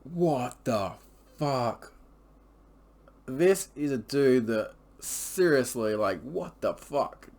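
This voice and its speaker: A man's voice: mid-range voice, animated, extremely slow, a little mellow. A man telling a story in a casual, crude and rambling way, full of swearing and fillers. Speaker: vlogger.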